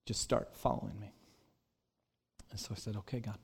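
A middle-aged man preaching a sermon as pastor, telling a personal story and acting out the dialogue, swinging between quiet and loud. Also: on the low side, steady tone, moderate pace, gravelly, slightly rough.

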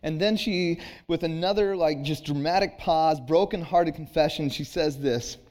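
A man's voice: fairly high pitch, normal speed, a little mellow. A man in his thirties preaching a sermon in an earnest, conversational way, climbing to emphatic peaks. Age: 30s. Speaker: pastor.

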